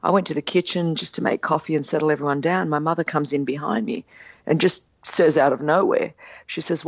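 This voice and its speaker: A woman in her fifties, telling a personal story in an interview. She is earnest and animated, and she acts out the quotes. The sound is dry and a little dull. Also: low voice, a little fast, creaky, dry recording. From Australia. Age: 50s. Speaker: guest author.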